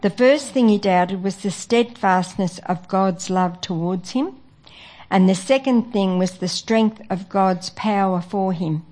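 A woman delivers a sermon in an earnest, steady voice of middle pitch. She pauses often with small fillers as she builds her points. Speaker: preacher.

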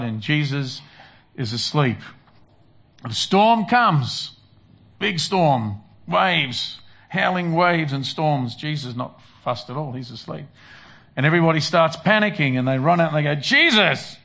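A man's voice: mid-range voice, a bit bright. Male pastor, mid-range voice, conversational sermon delivery. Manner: conversational, acts out quoted prayers and disciples.

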